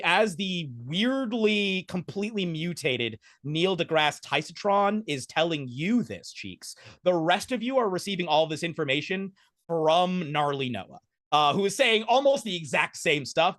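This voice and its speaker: A man's voice: on the high side, expressive, unhurried, fairly bright tone, dry recording, clean studio sound. A man narrating a tabletop game as game master, rambling with restarts. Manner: rambling, full of fillers and restarts.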